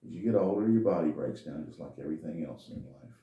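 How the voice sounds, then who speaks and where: A man's voice: a bass voice, lively intonation, fast, mellow, lo-fi sound. An older man telling a personal story in a folksy, meandering, plain-spoken way as a podcast host. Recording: echoey room, distant from mic.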